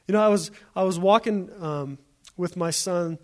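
A man with a notably high voice preaching a sermon. He talks in a relaxed, conversational way, telling stories and repeating his phrases as he goes. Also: normal speed. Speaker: pastor.

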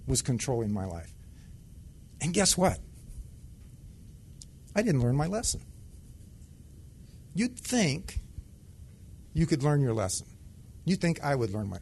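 A man's voice: fairly high pitch, darkish tone, slight background noise. Man telling a personal testimony. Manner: conversational storytelling that acts out dialogue. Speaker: retired Air Force sergeant giving testimony.

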